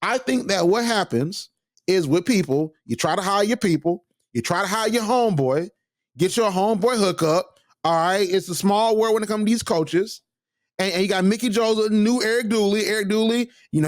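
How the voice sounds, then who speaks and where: A man co-hosting a sports talk show, opinionated and animated, with frequent restarts. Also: sits high, moderate pace, no room sound, studio quality. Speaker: co-host.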